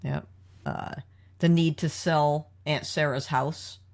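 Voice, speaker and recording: A woman's voice: deep voice, steady tone, slow, a little mellow. A woman hosting a podcast, talking through episodes in a casual, analytical way and asking her co-host questions. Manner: analytical, leads the discussion with questions.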